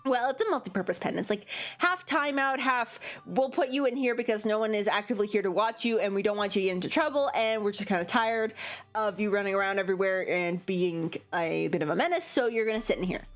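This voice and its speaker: A woman's voice: medium pitch, a little fast, faint music behind. A young woman streamer chatting casually, rambling with lots of fillers and giggles, her nose a bit congested. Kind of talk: casual chat.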